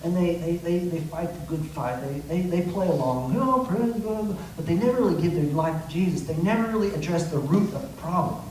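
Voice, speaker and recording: A man's voice: fairly high pitch, a little fast, hardly any pauses, dark tone. A man preaching a sermon as pastor, with impassioned delivery and acted-out quotes, recorded from a distance in a church. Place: church sanctuary. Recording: echoey room, mic from a distance, faint noise.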